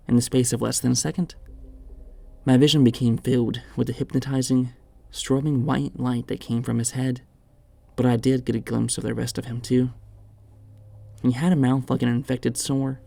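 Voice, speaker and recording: Gravelly-voiced man narrating a horror story. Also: mid-range voice, little pitch movement, warm tone, no room sound. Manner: measured, dramatic storytelling.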